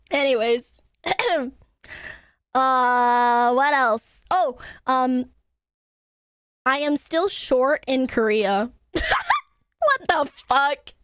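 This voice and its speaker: A young woman streamer telling stories to her chat in an animated, swearing, laughing way. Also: sits high, clean tone, no room sound, studio quality. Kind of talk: casual stream chat to viewers.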